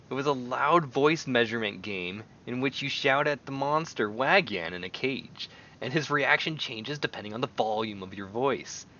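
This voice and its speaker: A man streaming casual commentary while browsing online, rambling excitably and swinging between mumbles and loud bursts. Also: mid-range voice, measured pace, vocal fry, dull audio. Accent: American. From American.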